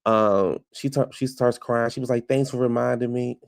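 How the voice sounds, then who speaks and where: A man's voice: medium pitch, fairly even intonation, brisk, gravelly, hardly any pauses, darkish tone, dry recording, clean studio sound. A man giving a sassy, gossipy casual recap of a reality show, talking straight to his viewers.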